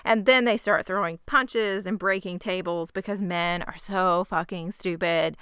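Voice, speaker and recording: A woman's voice: mid-range voice, fairly even intonation, unhurried, few pauses, fairly bright tone, smooth, no echo, studio quality. A woman co-hosting a casual podcast, retelling a TV episode scene by scene with sarcastic, swearing asides. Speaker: podcast co-host recapping a TV episode.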